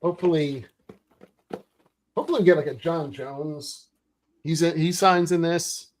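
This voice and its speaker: A man hosts a relaxed pack-opening stream, chatting away enthusiastically and laughing a lot as he opens card packs. His voice is fairly high and moves at a normal speed.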